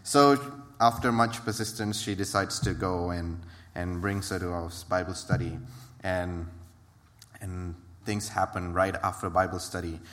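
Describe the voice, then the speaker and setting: A man's voice: sits low, fairly even intonation, a little slow, fairly bright tone. A man from Malaysia telling a church testimony, hesitant, with many fillers and restarts. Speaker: ministry worker. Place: church hall. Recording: reverberant hall.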